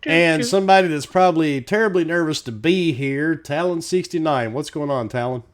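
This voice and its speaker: A man hosting a loose gaming chat show, with a slightly high voice. He jokes around, greets people in the chat and swears without a second thought. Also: moderate pace. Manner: loose, joking, swears freely. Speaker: podcast host. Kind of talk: casual online show chat.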